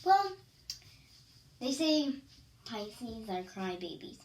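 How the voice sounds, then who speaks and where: High, slow-talking rambling vlogger girl. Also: big pitch swings, a little mellow, distant mic. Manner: rambling, stop-start, emphatic repetitions. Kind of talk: casual monologue to camera.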